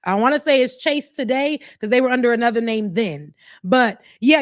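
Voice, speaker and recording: A woman of Haitian background co-hosting a podcast, animated and opinionated, sometimes mocking. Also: fairly high pitch, brisk, few pauses, no echo, studio quality. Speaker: podcast co-host. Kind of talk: casual opinion talk.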